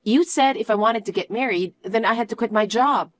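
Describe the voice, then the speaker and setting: A woman's voice: fairly high pitch, a little fast, no room sound. A woman telling a story in the first person and voicing its lines as the main character, in an earnest, easily surprised manner. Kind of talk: storytelling with acted dialogue.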